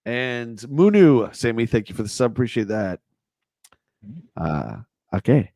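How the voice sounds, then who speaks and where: A man hosting a retro gaming livestream and narrating a playthrough, excitable and yelping as he plays. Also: mid-range voice, unhurried, creaky, no room sound. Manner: excitable, yelps and shrieks while gaming. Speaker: livestream host.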